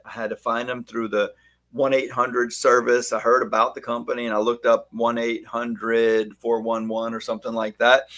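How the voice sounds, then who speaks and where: A man in his fifties, a hairstylist co-hosting a casual chat, telling stories animatedly and acting out the lines of others. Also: medium pitch. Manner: animated storyteller, acts out quoted dialogue. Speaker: hairstylist co-host.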